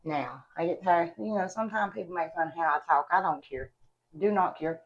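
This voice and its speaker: A woman's voice: on the low side, brisk, highs cut off. A woman from West Virginia with an Appalachian Southern accent, chatting casually at home while reviewing products, folksy and talkative, calling viewers y'all. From West Virginia, USA. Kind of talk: casual chat to camera.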